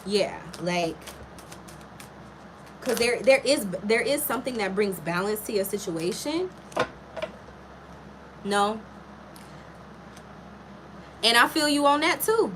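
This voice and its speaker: A woman's voice: fairly high pitch, lively intonation, takes it slowly, pauses often, noisy background. A woman giving a casual live tarot reading, talking frankly and chattily to a viewer, with plenty of swearing. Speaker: tarot reader.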